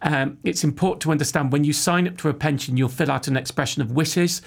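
Man, podcast host, chatty and jokey, gravelly voice, fairly high pitch. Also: fast talker. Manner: chatty, jokey, explains at length. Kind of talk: casual podcast Q&A.

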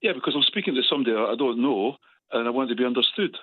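A man's voice: medium pitch, animated, rapid-fire, no echo. A Scottish man in his seventies calling into a radio phone-in, forthright and opinionated. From Scotland. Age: 70s. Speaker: caller. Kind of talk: phone-in call. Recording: tinny phone line.

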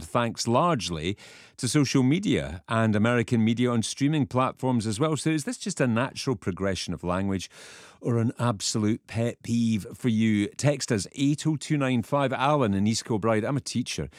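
A man's voice: mid-range voice, lively intonation, moderate pace, dry recording, studio quality. A man hosting a radio phone-in show, chatty as he reads out listener texts and talks with callers. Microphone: studio microphone.

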